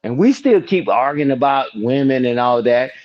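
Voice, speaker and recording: Older man, emphatic panelist, animated delivery, lo-fi stream sound. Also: medium pitch, normal speed. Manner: emphatic, repeats "I'm telling you", preachy. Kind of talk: heated panel discussion.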